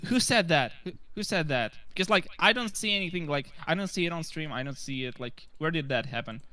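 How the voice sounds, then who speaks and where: A man in casual podcast chat, excitable and animated, quick to laugh. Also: fairly high pitch, clear, resonant tone.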